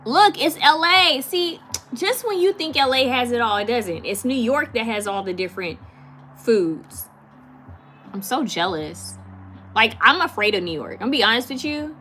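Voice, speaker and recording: A woman's voice: a little high, lively intonation, fairly bright tone, soft background music. Chatty giggly woman on a live stream. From California. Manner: chatty, giggly, with many fillers and quick repeats. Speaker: tarot reader hosting a live stream. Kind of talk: casual live-stream chat, answering viewer comments.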